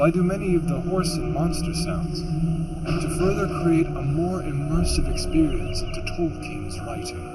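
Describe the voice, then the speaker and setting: A man giving a scripted, measured introduction to his audiobook project. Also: fairly high pitch, low-quality recording. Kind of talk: scripted narration. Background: orchestral music.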